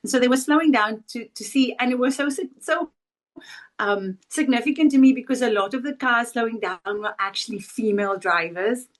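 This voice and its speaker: A woman's voice: a little high, a little fast. A South African woman co-hosting a podcast, speaking earnestly and with feeling. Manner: earnest, heartfelt, emotional. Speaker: podcast co-host. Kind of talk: casual chat.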